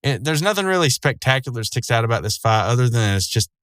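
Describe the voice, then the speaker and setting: A man's voice: medium pitch, very animated, fast, fairly bright tone, clear, resonant tone, no room sound. Guy rambling through an episode recap, lots of um and like, dry close sound. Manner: rambling, loose, chuckling often, many fillers. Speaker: show recapper.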